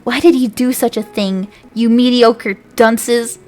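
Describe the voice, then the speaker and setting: A woman's voice: a little high, steady tone, unhurried, a little mellow, natural voice. Woman streamer plays cross old lady professor, indignant scold, comic read. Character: stern angry older female professor. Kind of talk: comedic dramatic reading.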